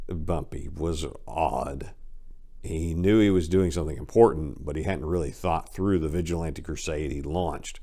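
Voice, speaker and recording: A man with a deep, low voice who hosts his own channel. He reads a crime story aloud in an expressive, theatrical way. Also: unhurried. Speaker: writer and channel host. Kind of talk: dramatic story reading.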